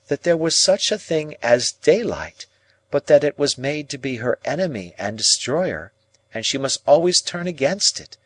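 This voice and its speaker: A man reading an audiobook voices a cold, proud young woman with a measured, coolly reasoning delivery. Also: mid-range voice, no echo, voice pushed up. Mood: musing.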